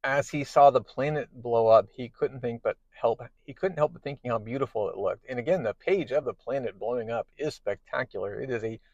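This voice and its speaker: A man's voice: medium pitch, brisk, hardly any pauses, a little mellow, no echo, muffled recording. Chatty man recapping comics. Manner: chatty, many fillers and restarts. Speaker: podcast host. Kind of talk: casual comic book recap.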